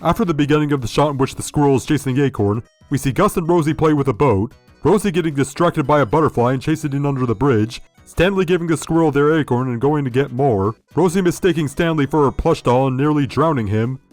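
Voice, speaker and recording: A man's voice: fairly high pitch, fast talker, hardly any pauses, a little mellow, dry recording, faint music behind. A man hosting a critical video review, sardonic and profane. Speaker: video essay host.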